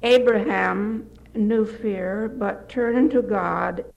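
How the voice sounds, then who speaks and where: An older retired woman giving a gentle devotional talk, telling stories with occasional slips and restarts. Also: mid-range voice, extremely slow, creaky, dull audio. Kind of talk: folksy devotional talk with anecdotes.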